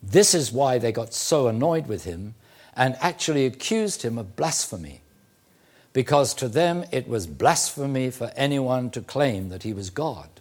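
A man preaching a sermon, teaching slowly and deliberately with emphatic phrasing and occasional fillers. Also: mid-range voice, sing-song, a little mellow. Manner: occasional throat clearing and "uh" fillers.

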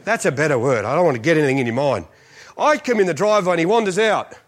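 A man's voice: on the high side, expressive, very fast. A male pastor preaching a sermon as a comic, self-mocking story, often laughing through his lines.

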